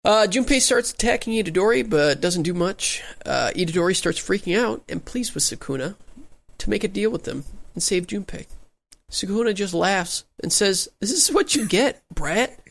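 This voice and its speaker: Gravelly man recapping an anime episode. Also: high voice, lively intonation. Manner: recaps plot with fillers, quick laughs. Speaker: podcast co-host recapping episode.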